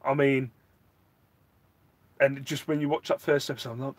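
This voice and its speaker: A man's voice: medium pitch, moderate pace, long pauses, no room sound. Rambling guy chatting live. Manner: rambling, animated, gets worked up; reads out viewer chat and answers. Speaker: live-stream host. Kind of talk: casual chat.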